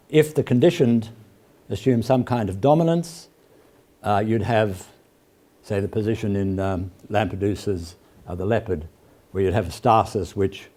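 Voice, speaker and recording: An older law professor gives an academic lecture in a measured, halting manner, often pausing on "uh" and stressing key words as he reads quotations aloud. His voice sits on the low side and sounds mellow.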